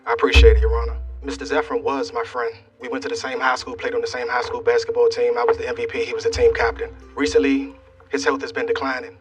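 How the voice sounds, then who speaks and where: A man pleading his case in a TV courtroom, talking fast and earnestly while deferring to the judge. His voice is a little husky and sits far from the mic. Faint music runs underneath. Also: mid-range voice, level tone. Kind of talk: courtroom testimony.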